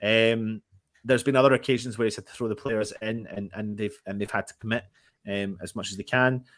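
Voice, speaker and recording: A man's voice: fairly low pitch, fairly even intonation, fairly quick, a bit bright, no echo, studio quality. Chatty man reading out live chat. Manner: reads out chat messages, laughs often. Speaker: fan channel host. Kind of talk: casual live stream chat.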